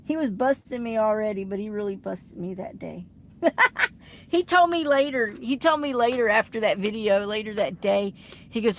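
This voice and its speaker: A woman's voice: medium pitch, moderate pace, slight background noise. A woman chatting and laughing with viewers on a late-night livestream from inside her truck. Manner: chatty, laughs often, reads and answers viewer comments. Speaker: livestream host.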